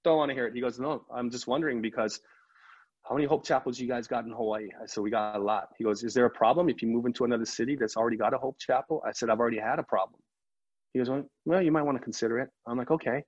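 A middle-aged male pastor with a husky voice spins a lively story, slipping into the voices of the people he quotes. The recording sounds a little muffled and lo-fi. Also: medium pitch, quick pace. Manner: animated storyteller who acts out quoted dialogue. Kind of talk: storytelling in a podcast interview.

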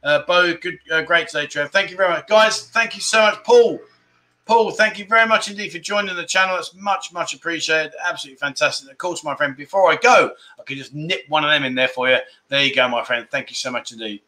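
A man's voice: on the high side, fairly quick, sharp tone. A man hosting a casual livestream chat, effusive and chatty as he keeps thanking his viewers. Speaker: livestream host.

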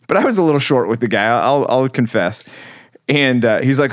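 Animated male podcast host, dry mic. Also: medium pitch, brisk, dry recording. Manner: animated storyteller, acts out quotes. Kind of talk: casual faith podcast chat.

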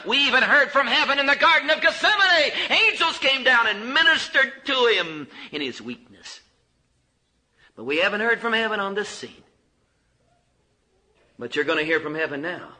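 An impassioned man preaching a sermon in a church. His voice sits high and sounds sharp and bright. It leaps between loud cries and hushed low lines. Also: lively intonation, moderate pace, pauses often, poor audio.

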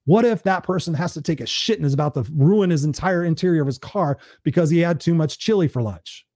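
A man's voice: on the high side, brisk, darkish tone, no echo, studio quality. A man hosting a live stream, giving a blunt, preachy motivational talk in a casual, conversational way and swearing freely.

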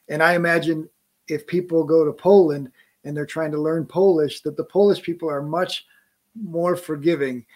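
A man's voice: on the high side, darkish tone. A man hosting a business podcast, talking in an encouraging, reflective, conversational way. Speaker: podcast host. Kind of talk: podcast interview.

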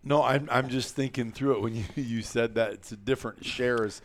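A man's voice: mid-range voice, fairly even intonation, normal speed. A man hosting a podcast in casual chat, rambling and chuckling, often restarting his sentences. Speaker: podcast host.

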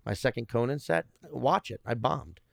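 A stand-up comedian in his thirties tells stories on a casual podcast, rambling profanely and restarting often. He speaks at normal speed in a medium-pitched, expressive, creaky voice, with studio-quality sound and no room noise.

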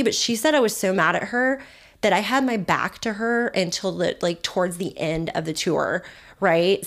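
A young woman hosting a podcast, telling a personal story in a chatty, animated way with lots of fillers and self-mocking asides. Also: medium pitch, creaky. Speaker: podcast host. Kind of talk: casual storytelling monologue.

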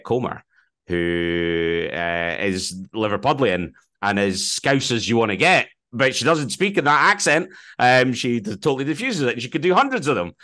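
A man with a Scottish accent, a podcast co-host answering interview questions loudly and slowly. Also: sits low, no room sound. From Scotland. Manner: loud and slowly spoken.

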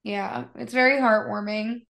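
A woman co-hosting a casual film discussion, teasing dryly and agreeing quietly. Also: mid-range voice, steady tone, unhurried. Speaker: podcast co-host.

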